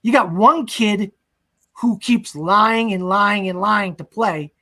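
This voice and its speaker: Young male co-host, a bit high, rambling plot recap, casual. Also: takes it slowly, bright, forceful tone. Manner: rambling recap with fillers, acts out quotes. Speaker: podcast co-host. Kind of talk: casual movie discussion.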